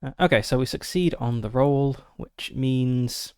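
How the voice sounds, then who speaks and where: A man's voice: medium pitch, a little slow, a little mellow, smooth, no room sound, studio quality. Man narrating a solo tabletop game. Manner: reads gamebook text, mutters over dice rolls with fillers. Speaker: solo game player and streamer.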